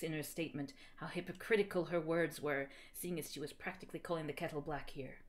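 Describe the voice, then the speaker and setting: A woman reading fan fiction aloud for laughs, mostly deadpan narration with sudden squealing shouted quotes. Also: low-pitched, quick pace, slight background noise. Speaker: co-reader.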